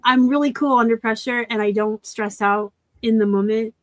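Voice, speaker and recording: A woman's voice: fairly high pitch, steady tone, normal speed, no echo, low-quality recording. A woman with an American accent, co-hosting a casual live chat and reacting frankly and sympathetically. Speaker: co-host of a reseller live chat.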